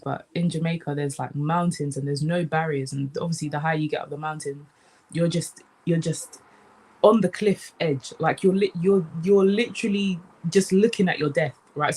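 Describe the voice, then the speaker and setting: A young woman from the UK, a comedian chatting casually in an interview, animated and relaxed, often saying "man". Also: low-pitched, breathy edge. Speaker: comedian guest.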